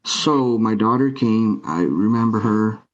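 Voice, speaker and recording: Low-voiced man, dull lo-fi sound. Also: a little slow. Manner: earnest, emotional, acts out quoted dialogue. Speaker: interview guest. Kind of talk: personal storytelling.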